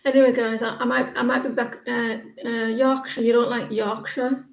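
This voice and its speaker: A woman's voice: on the high side, level tone, normal speed, creaky, hardly any pauses, roomy sound, rough recording. A woman in her forties giving a casual live-stream tarot reading, rambling and chatty, often restarting her sentences. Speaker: tarot reader.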